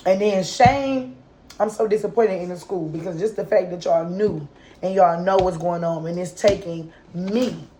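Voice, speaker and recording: A mother and advocate for kids delivers an unscripted vlog monologue straight to her viewers in a mid-range, dark-toned voice. She rants passionately, stacking rhetorical questions and using casual slang, addressing everyone as "y'all." The recording is low quality with slight background noise.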